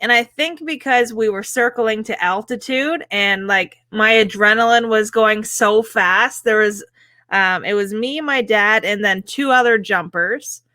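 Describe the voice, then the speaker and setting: Female podcast co-host, lively storyteller, bright tone, dry close recording. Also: medium pitch, unhurried, dry recording. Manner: animated storytelling, laughs often. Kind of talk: casual chat.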